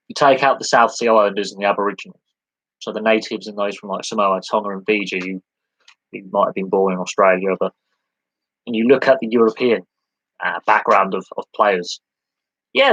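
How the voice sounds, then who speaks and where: A man's voice: lowish voice, fairly bright tone, husky, dry recording, rough recording. A man hosting a live sports podcast Q&A, talking in a rambling, conversational way with many restarts and long lists. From United Kingdom.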